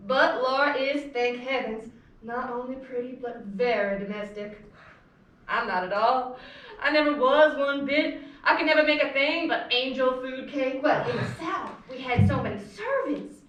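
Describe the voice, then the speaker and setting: A woman's voice: high voice, normal speed, a bit bright. A young woman acting a middle-aged Southern belle mother who chatters in a flowery, gushing way, recorded from far off in an echoey room. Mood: fussing. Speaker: student actor. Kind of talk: stage play scene.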